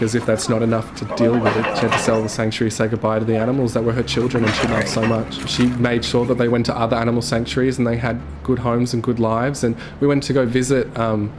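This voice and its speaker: A young man telling his late mother's story to camera, tearful and halting, with his voice breaking. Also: medium pitch, noisy background. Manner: halting, full of fillers and restarts.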